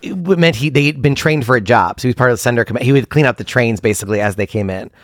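Here a comedian on a podcast casually recounts stories about his family in a medium-pitched voice. The studio-quality audio has no room sound, and he keeps things animated with wry side comments and laughs.

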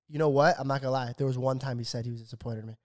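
A man's voice: mid-range voice, fairly even intonation, very fast, a little mellow. A young man in his twenties on a casual podcast, telling a story with a lot of swearing and acting out what others said. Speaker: podcast co-host.

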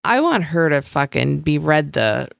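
A woman's voice: low voice, sing-song, a little slow, gravelly, no echo, studio quality. A woman co-hosting a casual podcast recap, blunt and sarcastic, swearing freely. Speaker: podcast co-host.

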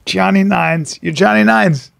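Gravelly, high-voiced male podcast co-host. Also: a little slow. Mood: joking. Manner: exclamatory, profane. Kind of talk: casual podcast chat.

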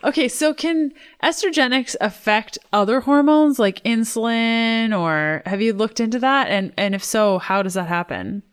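A young adult woman hosting a podcast, enthusiastic and quick to laugh. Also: a little high, clear, resonant tone. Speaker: podcast host. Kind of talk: podcast interview.

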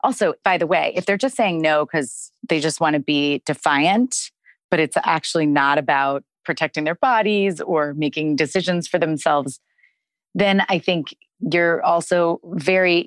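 A woman who is a parenting expert, calmly explaining discipline in a podcast Q&A and modelling kind phrases to say to children. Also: low-pitched, unhurried, dry recording. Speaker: parenting expert answering listener questions. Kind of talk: podcast advice Q&A.

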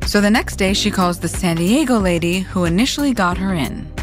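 A woman's voice: mid-range voice, expressive, fairly quick, over music. A woman co-hosting and narrating the story, with wry, sarcastic asides. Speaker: podcast co-host. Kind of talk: narration with banter.

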